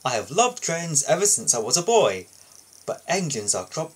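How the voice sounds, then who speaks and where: Man, storybook reader, husky, lively pitch, casual slips. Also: normal speed. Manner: steady storytelling with small slips and restarts. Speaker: storybook reader and video host. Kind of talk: reading a children's storybook aloud.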